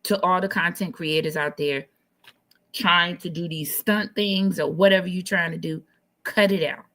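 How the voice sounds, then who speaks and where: Woman co-host, low-ish, animated and incredulous, casual stream chat. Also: normal speed. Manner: animated, incredulous, repeats phrases for emphasis.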